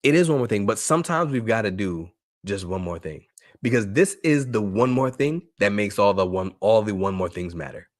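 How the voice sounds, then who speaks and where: A man presenting a live online workshop for teachers, talking in an energetic, emphatic way and repeating phrases for effect. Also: lowish voice, normal speed, no room sound, clean studio sound. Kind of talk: motivational live webinar talk.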